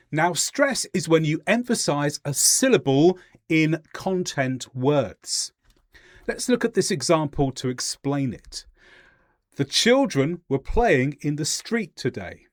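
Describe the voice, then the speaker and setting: A man teaching English pronunciation in a clear, deliberate lesson voice, demonstrating example sentences slowly. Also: on the high side, no echo, clean studio sound. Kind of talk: scripted lesson narration.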